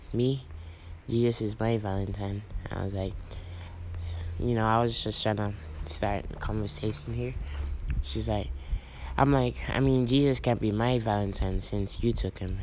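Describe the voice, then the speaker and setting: A young man casually retelling a text conversation in a low-key, rambling way, full of "I'm like" and "she's like". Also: gravelly, a little mellow, slight background noise, low-quality recording. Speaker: vlogger. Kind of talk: casual storytelling, reading out texts.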